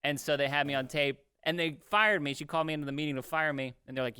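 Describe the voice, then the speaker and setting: A young man and podcast co-host telling a story in casual chat, animated and swearing freely as he acts out what others said. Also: a little high, fast, smooth.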